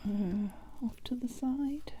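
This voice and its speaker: A British woman chatting casually as she makes junk journal pieces, thinking aloud with soft half-whispered asides. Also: a little high, slow, noisy background. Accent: British English. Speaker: craft vlogger. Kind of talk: casual crafting chat.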